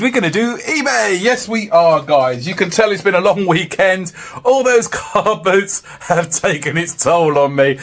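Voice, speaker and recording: Guy doing a chatty reselling vlog, kinda high voice, jokey and chirpy. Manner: chirpy, jokey, keeps saying "guys", swings high when excited. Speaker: reseller vlogger. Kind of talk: casual chatty vlog to camera.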